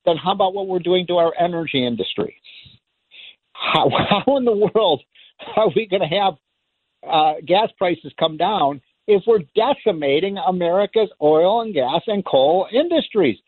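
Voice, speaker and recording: A man's voice: sits high, lively intonation, moderate pace, slightly rough, dry recording. A man delivering an impassioned political monologue as a radio talk host, emphatic and sarcastic, hammering his points through repetition. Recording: tinny phone-line sound, dry.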